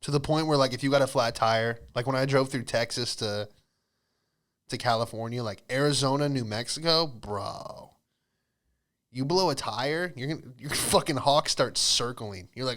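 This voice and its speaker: A man's voice: mid-range voice, normal speed, a bit bright. A man hosting a podcast, telling loose comedic stories with frequent swearing and self-interruptions. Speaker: podcast host. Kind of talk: rambling comedic storytelling.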